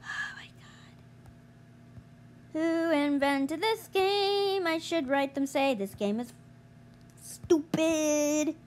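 A young woman commentating her gameplay, exasperated and groaning, yelling at other players to get out of her way. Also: sits high, slow. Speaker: gamer streamer.

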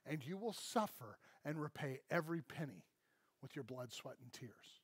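A man playing a stern king passing judgment in a parable, speaking low and hushed. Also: animated, moderate pace, slightly rough, dry recording. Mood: wrathful. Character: stern powerful male king, judging debtors.

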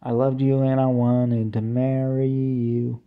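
A young man performing a homemade song, half sung and half spoken, in a plaintive, drawn-out way. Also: mid-range voice, clear, resonant tone. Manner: plaintive, slow, mostly flat talk-singing with drawn-out "ooh" cries. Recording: tinny phone-like recording.

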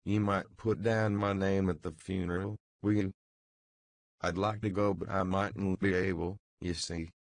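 A man reading the lines of a chatty, offhand acquaintance, in his own low, gravelly voice. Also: little pitch movement, unhurried, no echo. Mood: casual.

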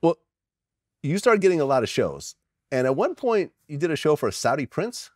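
A man hosting a casual interview, speaking in a relaxed, blunt way with short replies. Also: a little high, moderate pace, dry recording, clean studio sound. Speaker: interview host.

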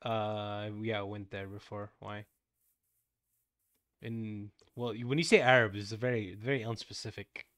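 A man's voice: lowish voice, fairly even intonation, no echo, clean studio sound. A young man streaming as a VTuber, chatting casually while playing a game with a friend. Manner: chatty, quick shifts between loud and soft. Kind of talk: casual gaming chat.

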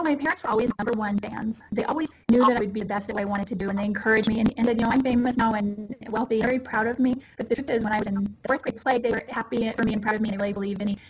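A woman in her forties speaks as a guest in an interview, rattling through her advice at a very fast clip. She keeps it casual and earnest and acts out short quotes along the way. A steady background noise runs under her voice. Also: fairly high pitch. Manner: rapid, earnest, explaining with acted-out quotes. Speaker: parenting consultant, guest.

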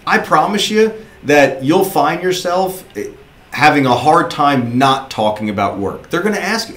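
A man's voice: fairly high pitch, expressive, moderate pace, fairly bright tone, roomy sound. A man giving a casual, encouraging motivational training talk to new recruiters, often repeating himself for emphasis.

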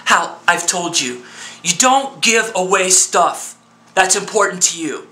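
Worried male friend on the phone, played by a man: earnest, coaxing, insistent, with a bright, forceful voice. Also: sits high, animated, unhurried, exaggerated voice. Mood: pleading. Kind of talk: one-sided phone call drama.

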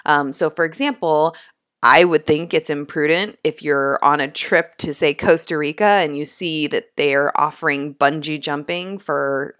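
A middle-aged woman teaching vocabulary words, explaining each one clearly with everyday examples. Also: deep voice, steady tone, a little slow, a bit bright. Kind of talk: vocabulary lesson.

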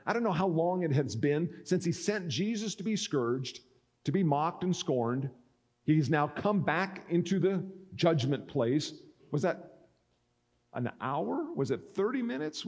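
Lively preaching man. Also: on the high side. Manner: expository preaching that acts out speakers' words. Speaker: pastor. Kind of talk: sermon.

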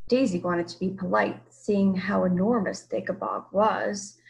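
A woman from Massachusetts, a teacher, reading a children's book aloud in a measured storytelling way. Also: mid-range voice, vocal fry, a little mellow, poor audio. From Massachusetts, USA. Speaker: teacher, guest reader.

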